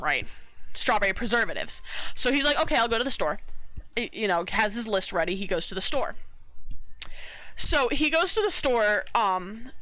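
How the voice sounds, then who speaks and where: A woman's voice: mid-range voice, pushed and bright, no echo. A woman streamer telling a story to her chat in a casual, rambling way, full of fillers and the odd swear. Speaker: art streamer.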